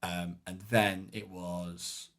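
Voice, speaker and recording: Casting: deep-voiced guy, podcast co-host, loose rambling recap with lots of ums. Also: drawn-out words. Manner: rambling, many fillers, animated retelling. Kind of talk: casual chat recapping a live-action game event.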